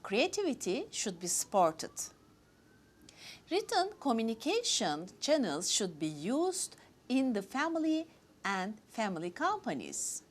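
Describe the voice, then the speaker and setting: Woman reading formal remarks, lively pitch. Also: measured pace. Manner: formal, list-like delivery. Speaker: host.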